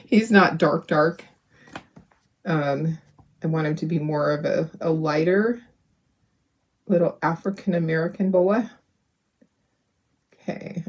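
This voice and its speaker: A middle-aged woman hosting a craft video, chatting casually and rambling as she paints, laughing often and talking to her viewers. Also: lowish voice. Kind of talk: casual chat while painting.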